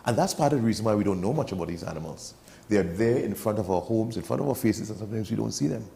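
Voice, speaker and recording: Mellow-voiced Trinidadian man explaining animals. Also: lowish voice, expressive, racing, gravelly. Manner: chatty, joking, explains with local sayings. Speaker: studio guest explaining wildlife. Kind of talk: casual chat on a morning TV show. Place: TV studio.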